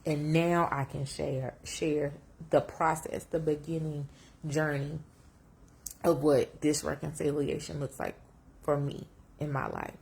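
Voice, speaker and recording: Tearful woman with a low voice. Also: measured pace, vocal fry. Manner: reflective, emotional, lively shifts in pitch when quoting herself. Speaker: vlogger sharing a personal story. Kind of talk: candid personal storytelling.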